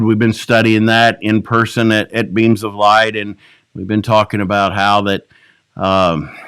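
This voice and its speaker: A man leading an evening Bible study as a pastor, preaching with passion, dropping to a hush and then climbing to emphatic peaks. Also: mid-range voice, clear, resonant tone, no room sound. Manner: impassioned, swings between hushed and rising emphatic preaching. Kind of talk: sermon.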